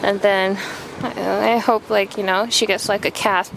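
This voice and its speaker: A woman's voice: mid-range voice, fairly even intonation, a little slow, vocal fry, noisy background. A young woman vlogging casually, telling a story in a rambling way full of "like". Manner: rambling, heavy use of "like".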